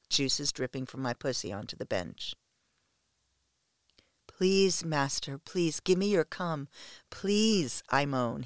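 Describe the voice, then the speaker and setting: Gravelly man reading a story softly. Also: mid-range voice, dry recording, studio quality. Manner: slow, hushed, measured delivery. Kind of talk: first-person story reading.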